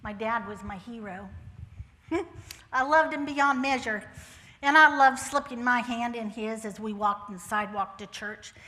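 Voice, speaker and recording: An older woman gives a personal testimony in church, her folksy, joking storytelling pitched a little high and sounding bright and forceful. Her voice rings out with a long reverb from the church hall. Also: unhurried. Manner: folksy and humorous, with Southern turns of phrase. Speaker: church speaker sharing testimony.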